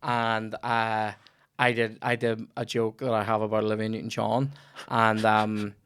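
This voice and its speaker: A man's voice: on the low side, completely flat delivery, measured pace, fairly bright tone, smooth, no room sound, clean studio sound. A young man with a Northern Irish accent hosting a chat show, telling rambling, sweary stories in a casual way. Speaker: comedian podcast host.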